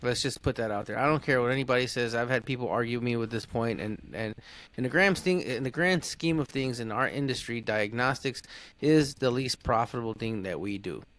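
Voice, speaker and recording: Blunt, emphatic mechanic on a podcast. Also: male voice, medium pitch, a bit bright, no room sound. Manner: blunt, emphatic storyteller with frequent restarts. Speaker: automotive diagnostic technician guest. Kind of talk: casual podcast conversation. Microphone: podcast microphone.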